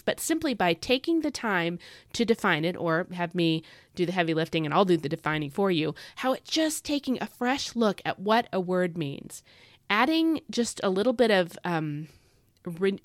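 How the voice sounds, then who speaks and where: A woman's voice: on the low side, dry recording, studio quality. A woman hosting a devotional podcast, teaching in an earnest, emphatic way and repeating key words for stress. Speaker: podcast host.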